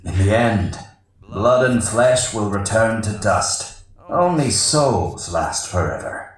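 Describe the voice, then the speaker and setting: A man's voice: fairly low pitch, very animated, takes it slowly, far from the mic. A man playing a cruel all-powerful sorcerer. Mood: menacing. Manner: menacing, pronouncing doom. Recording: echoey audition clip played from afar.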